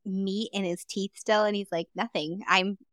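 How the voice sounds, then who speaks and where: A woman's voice: mid-range voice, flat delivery, moderate pace, no echo, clean studio sound. A woman co-hosting a casual podcast, riffing with jokes and laughing a lot. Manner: jokey, riffs with silly bits and laughter. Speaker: podcast co-host.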